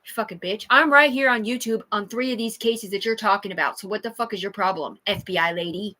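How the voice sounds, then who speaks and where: A woman's voice: medium pitch, fast talker, sharp tone. Woman ranting on a livestream. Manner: profane, agitated ranting. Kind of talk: rambling livestream monologue.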